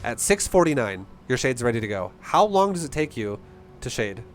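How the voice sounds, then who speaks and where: A man's voice: medium pitch, sing-song, normal speed, a little hiss or hum. A man coaching a player through a game replay in a casual, blunt, profane and passionate way. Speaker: StarCraft coach.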